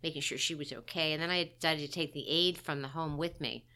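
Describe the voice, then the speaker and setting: A woman's voice: low-pitched, steady tone, quick pace, sharp tone. A middle-aged woman, a guest, recounting a personal story in a candid, wry, self-deprecating way.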